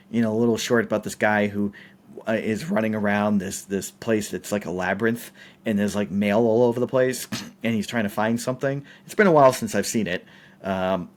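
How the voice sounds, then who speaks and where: A young adult man, a podcast guest, telling a story in a casual, emphatic and animated way, with many fillers. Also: lowish voice.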